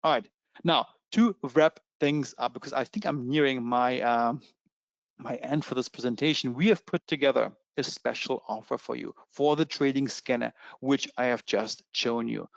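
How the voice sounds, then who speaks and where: A man with a German accent giving a fast, eager sales pitch in a trading webinar, with many fillers. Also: creaky, no room sound, highs cut off. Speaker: webinar presenter.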